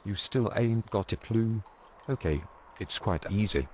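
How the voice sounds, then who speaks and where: A man telling crude jokes as a narrator, in a deadpan storytelling manner with teasing rhetorical questions. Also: lowish voice, a little slow. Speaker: joke narrator. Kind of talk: scripted joke storytelling. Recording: noisy background hiss.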